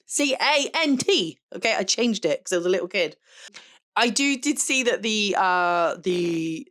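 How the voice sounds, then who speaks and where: Chatty, rambling woman vlogger. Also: medium pitch. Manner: chatty, rambling, laughs often. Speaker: photographer and vlogger. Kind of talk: casual chat to camera.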